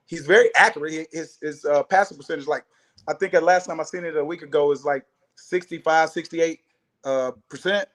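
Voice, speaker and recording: A man makes emphatic arguments in casual sports talk, leaning on numbers and repeating his point. His voice sits slightly high. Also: a little fast, a bit bright.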